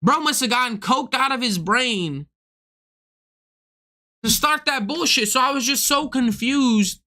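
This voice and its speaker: A man's voice: very high voice, a little slow. A young man streaming, telling a story in a casual, profane, incredulous way and acting out both sides. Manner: animated, profane, incredulous retelling. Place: home streaming setup.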